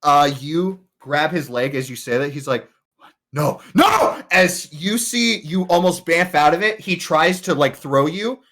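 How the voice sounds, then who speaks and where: A man running a tabletop game as game master, narrating haltingly with many fillers. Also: a little high, fairly bright tone.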